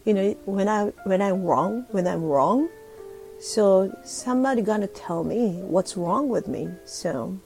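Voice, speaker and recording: A Japanese woman hosts a relaxed live audio chat, full of fillers and easy back-and-forth between English and Japanese. Her voice has a gravelly fry, set at a middle pitch. Faint music plays underneath. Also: measured pace, poor audio. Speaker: host.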